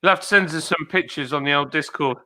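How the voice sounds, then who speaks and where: A man's voice: a little high, fast, pushed and bright. A man hosting a casual livestream, chatting and reading viewers' comments aloud in a rambling way. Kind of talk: casual chat.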